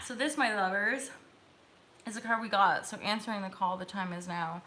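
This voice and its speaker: Bubbly, bright-voiced woman livestreaming tarot. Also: mid-range voice, moderate pace. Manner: bubbly and giggly, talks straight to viewers. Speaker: host reading tarot cards on a live stream. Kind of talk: casual chat.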